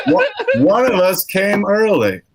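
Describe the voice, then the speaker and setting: A young man tells rambling, self-deprecating stand-up stories, his pitch swinging up and down all the time. The sound is close and dry, with no room around it. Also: big pitch swings, slow, breathy edge, no room sound, rough recording. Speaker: stand-up comedian. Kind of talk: stand-up set on a livestream.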